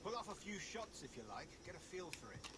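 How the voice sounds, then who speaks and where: A man's voice: sits high, sing-song, quick pace, heavy background noise. An actor playing a jovial male pirate weapons trainer, speaking heartily in video game dialogue. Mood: hearty. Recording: distant game audio under loud gunfire.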